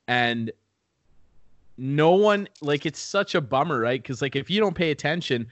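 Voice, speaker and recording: A man's voice: on the high side, unhurried, no room sound, highs cut off. Young dude, sports radio guy, swears a lot, dry close sound, easygoing chat. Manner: loose, swearing, animated storytelling. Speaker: local sports broadcaster. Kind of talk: casual podcast chat.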